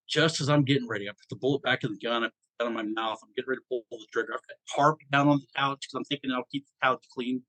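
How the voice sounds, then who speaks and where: A middle-aged man from Georgia, a podcast host telling a personal story in a halting, emotional way with many restarts. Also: medium pitch, a bit bright, no room sound.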